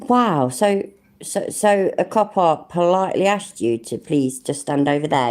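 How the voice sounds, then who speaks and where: A woman's voice: lowish voice, lively intonation, measured pace, a little mellow. A British woman hosting a reaction video, mocking and swearing as she mimics and ridicules what she hears. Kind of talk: sarcastic reaction commentary.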